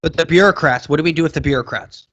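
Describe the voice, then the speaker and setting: Young male podcast co-host, slightly higher voice, animated ranter, casual political banter. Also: quick pace. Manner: animated, rants with rising pitch and mock quotes.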